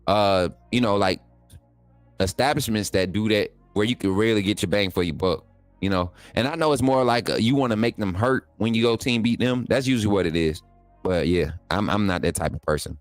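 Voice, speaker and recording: A man hosting a casual livestream, talking loosely with his viewers and jumping up in pitch when he gets excited. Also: fairly quick, no room sound, faint music behind. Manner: laid-back, talks to chat as "man" and "y'all", pitch jumps up when excited. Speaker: livestream host. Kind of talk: casual livestream chat reading viewer comments.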